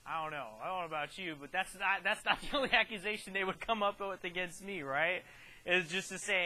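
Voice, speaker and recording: Bright-voiced animated male preacher. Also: high-pitched, brisk, rough recording. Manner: animated storytelling, acting out quotes with big swings in loudness. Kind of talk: sermon.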